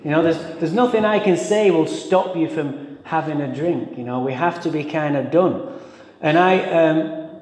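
A man's voice: fairly high pitch, moderate pace, a little mellow. A middle-aged man from England with an English accent, giving a humorous, profane, self-mocking talk to a meeting audience. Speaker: speaker at a recovery meeting. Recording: echoey hall with long reverb.

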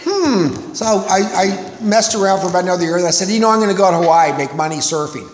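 Older man, fairly high voice, rambling self-mocking storyteller, echoey hall, faint noise behind. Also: lively intonation, fast talker. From California. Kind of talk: personal recovery story to an audience.

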